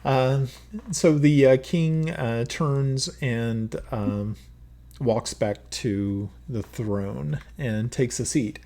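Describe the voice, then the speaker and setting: Male game master, slow, gravelly, halting narration. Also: mid-range voice, dark tone. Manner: halting, full of fillers.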